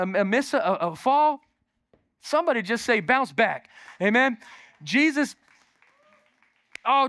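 A pastor delivering a lively sermon in church, calling out to the congregation with exclamations. His voice is high and bright, heard dry and close. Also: no room sound. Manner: calls on the crowd, exclaiming and animated.

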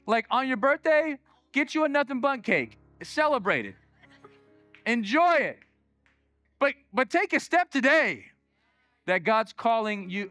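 A man preaching a sermon as pastor, emphatic and repetitive, swinging from loud to hushed. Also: very high-pitched, big pitch swings, measured pace, long pauses, no room sound, faint music behind.

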